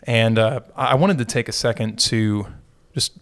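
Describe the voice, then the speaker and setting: A man's voice: on the low side, moderate pace, fairly bright tone, clear, resonant tone. A middle-aged man co-hosting a podcast, chatting casually and joking, rambling with restarts. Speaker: podcast co-host.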